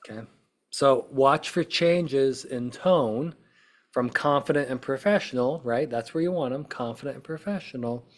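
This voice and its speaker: A man with a mid-range voice talks through his points in a loose, conversational podcast style. He keeps checking in with "right?" and "okay?", and now and then acts out quick snippets of what someone might say. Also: medium pitch. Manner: acts out quoted speech in short bursts. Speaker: podcast host, witness-prep consultant. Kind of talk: casual explanatory podcast talk.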